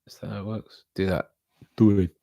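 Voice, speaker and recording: A man's voice: lowish voice, flat delivery, moderate pace, creaky, dark tone, no echo. A man hosting a casual livestream, chatting loosely with viewers in a rambling, self-deprecating way. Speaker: livestream host.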